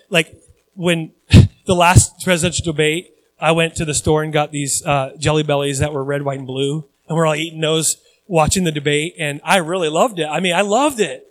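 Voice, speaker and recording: A young man preaching a sermon as pastor, chatty at times and building to loud, emphatic stretches. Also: on the high side, fairly even intonation, brisk, rough recording. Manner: conversational asides with restarts.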